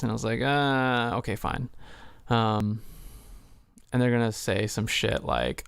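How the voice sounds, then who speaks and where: A man's voice: lowish voice, very animated, a little slow, gravelly, fairly bright tone, smooth, no echo, clean studio sound. A man streaming from home, chatting casually with lots of fillers and some swearing, acting out both sides of a conversation as he tells it, with keyboard clicks behind him. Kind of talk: casual livestream chat.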